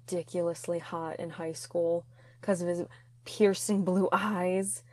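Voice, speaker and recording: A woman's voice: fairly low pitch, fairly even intonation, measured pace, mellow, no room sound. A young woman chatting casually about a movie on a podcast, laughing easily. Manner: chatty, laughs often, acts out quotes. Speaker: podcast co-host. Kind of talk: casual movie recap chat.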